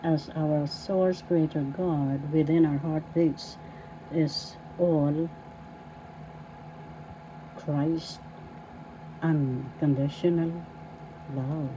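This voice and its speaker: A woman from the Philippines teaching a language lesson, sounding words out slowly syllable by syllable. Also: low-pitched, steady tone. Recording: clear vehicle noise behind.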